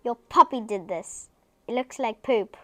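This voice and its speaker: A woman's voice: a little high, measured pace, a little mellow, pitched below the performer's own voice, lightly acted. A woman voicing a strict mother in a children's storybook, with a firm, plain everyday voice. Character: strict mother of a young boy.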